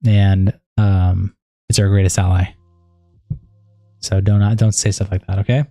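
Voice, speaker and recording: Profane, mellow-voiced male streamer. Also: low-pitched, little pitch movement, a little slow, no echo, faint music behind. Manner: casual and profane, full of fillers. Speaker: livestream commentary host. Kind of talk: casual livestream commentary.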